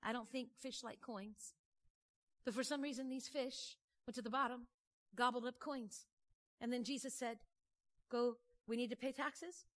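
A woman preacher with a slightly high voice delivers a sermon as a story. She talks in a lively, chatty way, uses folksy turns of phrase and keeps throwing questions out to the congregation. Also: normal speed. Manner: animated, conversational, asks the crowd questions.

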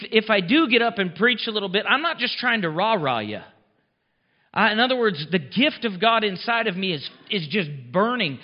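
Male pastor, high voice, chatty emphatic preaching style; long hall reverb. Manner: conversational, emphatic preaching, laughs at own lines. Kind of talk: sermon. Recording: long reverb, dull muffled sound.

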